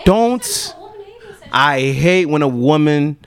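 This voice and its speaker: A man's voice: a little high, big pitch swings, takes it slowly, clear, resonant tone, no echo, clean studio sound. A man co-hosting a casual podcast chat, talking emphatically and repeating phrases for effect.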